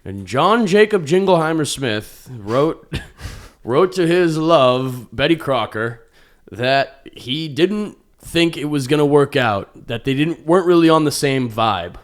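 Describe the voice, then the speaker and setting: A man voicing a solemn male museum exhibit narrator, telling a story in a slow, lofty way. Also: on the high side, animated, voice pushed up. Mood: mock-solemn.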